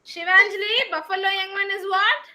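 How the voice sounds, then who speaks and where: A kindergarten teacher, her voice very high and bright, patiently quizzing little ones by name. She speaks in a slow, encouraging classroom way during an online lesson. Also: fairly even intonation. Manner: patient, questioning children by name.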